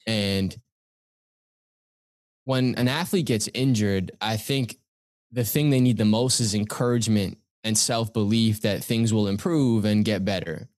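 An earnest young man from Canada tells his story in a measured, low-pitched voice. The recording is dry and close, and he often pauses on "um". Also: darkish tone, dry recording. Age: young adult. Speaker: guest, keynote speaker. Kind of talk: reflective storytelling in conversation.

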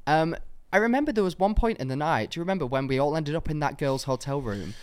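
A woman's voice: sits low, expressive, quick pace, clean tone. A young woman, telling stories in a casual podcast chat. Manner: chatty, storytelling, giggly. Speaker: podcast co-host.

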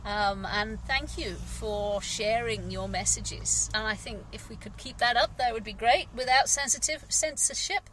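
A woman's voice: on the high side, unhurried, few pauses, a bit bright, a little hiss or hum, rough recording. An English woman, a gardener, talking candidly in a rambling vlog monologue, sighing and frustrated. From England. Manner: rambling, candid, frustrated, frequent sighs and fillers.

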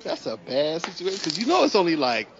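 A man co-hosting a casual podcast chat, telling animated stories and laughing often. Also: on the high side, brisk, crowd noise. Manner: animated storyteller, laughs a lot. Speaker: podcast co-host. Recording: muffled lo-fi recording.

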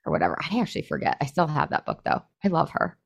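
A woman co-hosting a podcast in casual chat, talking fast and loose with lots of fillers and acted-out quotes. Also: low-pitched, wildly swooping pitch, creaky. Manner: chatty, filler-heavy, acts out quotes. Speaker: podcast co-host.

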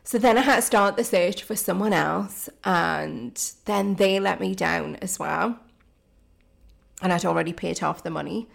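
A woman with a Geordie accent hosting her own podcast, talking in a chatty, excitable and enthusiastic way, with fillers and self-corrections. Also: on the low side, unhurried, vocal fry. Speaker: podcast host and mindset coach. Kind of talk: casual podcast monologue.

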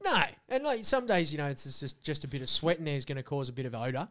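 Man, podcast co-host, crude storyteller, fairly high voice. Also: fast. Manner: crude, animated storytelling with swearing. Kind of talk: casual chat.

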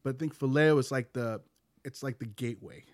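Brief: sniffly male co-host who explains in halting stops and starts, dry booth recording. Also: mid-range voice, no echo. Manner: halting, many restarts while explaining. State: sniffly from a cold. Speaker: podcast co-host. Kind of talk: casual faith podcast chat.

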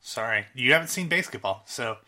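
A man's voice: medium pitch, animated, brisk, bright, forceful tone. A man co-hosting a casual talk show, enthusiastically running through his favorite comedy films. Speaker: podcast co-host.

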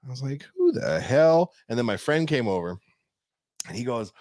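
Podcast host guy, lively up-and-down voice, dry close sound, joking around. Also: mid-range voice, fairly quick, no echo. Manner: animated storyteller, dry jokes. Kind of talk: casual chat, storytelling.

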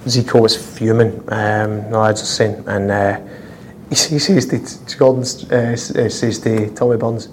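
A man with a Scottish accent, a footballer guest telling prank-call stories with lively laughter and constant "I says". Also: fairly low pitch, measured pace, slight background noise. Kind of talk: anecdotal storytelling.

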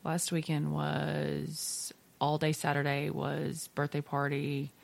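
A woman's voice: low voice, monotone, takes it slowly, vocal fry. A woman in her thirties co-hosting a casual chat, teasing and laughing often. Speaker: podcast co-host.

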